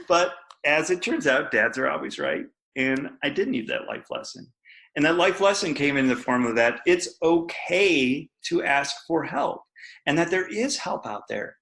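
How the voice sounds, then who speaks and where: A man's voice: fairly high pitch, sing-song, unhurried, creaky, fairly bright tone, rough recording. A man in his forties, a guest entrepreneur, candidly telling a personal business story in a podcast interview.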